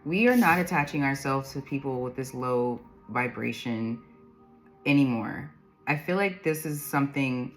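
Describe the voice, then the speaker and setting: Woman, tarot reader, very low pitch, rambling intuitive delivery, frequent laughter. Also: animated, normal speed, faint music behind. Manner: rambling, laughs often, reads card meanings aloud.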